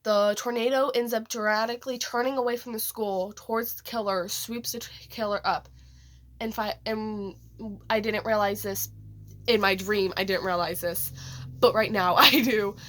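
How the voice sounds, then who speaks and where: A woman's voice: mid-range voice, fairly even intonation, moderate pace, fairly bright tone. A teenage girl casually telling a story about a dream, rambling, with many fillers and restarts. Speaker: vlogger.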